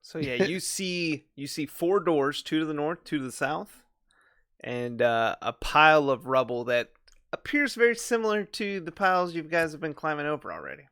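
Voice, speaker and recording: Male game master, slow, animated, bright and gravelly. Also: fairly high pitch. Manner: slow, descriptive narration with fillers and laughs. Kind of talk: narrating a tabletop game.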